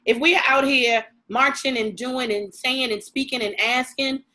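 A woman's voice: high-pitched, steady tone, normal speed, pushed and bright, rough recording. A woman hosting a casual chat, asking questions and laughing easily.

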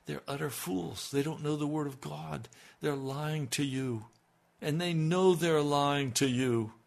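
A man preaching an impassioned radio sermon as pastor, swinging between loud emphasis and hushed, intimate lines. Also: fairly high pitch, steady tone, unhurried, creaky.

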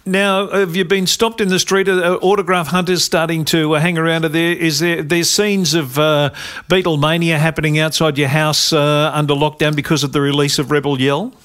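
An Australian man hosting a podcast, jokey and teasing, with frequent uh pauses. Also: a little high, little pitch movement, fairly bright tone, clear, resonant tone. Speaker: podcast host. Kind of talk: casual chat.

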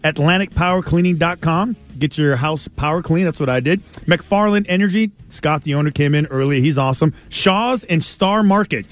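A man's voice: fairly high pitch, normal speed, hardly any pauses, soft background music. A man hosting a sports radio show, thanking sponsors in a rambling, casual way during a long broadcast.

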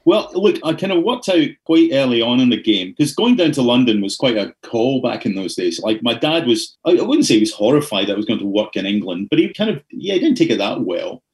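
A man's voice: medium pitch, sing-song, a little fast, hardly any pauses, rough recording. A middle-aged Scottish man speaking as a podcast guest, his voice sitting in an ordinary mid range. He tells his anecdotes casually and with animation, slipping into the voices of the people he quotes. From Scotland. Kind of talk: casual storytelling interview.

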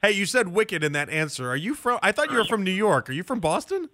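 Bright-voiced sports radio host, a man. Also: high voice, sing-song, fast. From Chicago. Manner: chatty, conversational.

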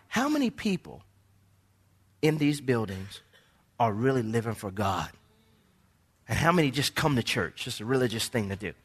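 Fervent, high-voiced male preacher. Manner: fervent preaching with call-and-response, swinging from hushed to shouting. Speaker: pastor. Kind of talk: sermon. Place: church sanctuary during a service.

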